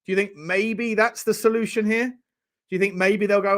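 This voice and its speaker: Guy rambling on a fan livestream, kinda high voice, jokey, bantering with chat. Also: steady tone, moderate pace. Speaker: fan channel host. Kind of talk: casual live-stream chat.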